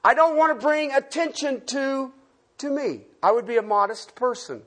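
A pastor teaching a Bible-study sermon, asking the listeners questions and swinging from loud emphasis to quiet asides. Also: sits high, animated, moderate pace.

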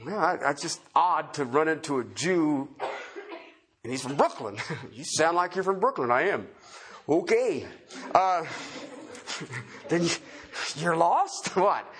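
A man preaching a sermon in a folksy way, swinging from loud emphatic points to quiet chuckling asides. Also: a little high, expressive, slow, long pauses.

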